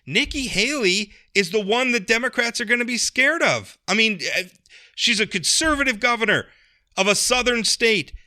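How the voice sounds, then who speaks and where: A man hosting a casual political podcast chat. He talks in an animated way, often restarting and repeating words. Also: very high-pitched, normal speed. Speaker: podcast host.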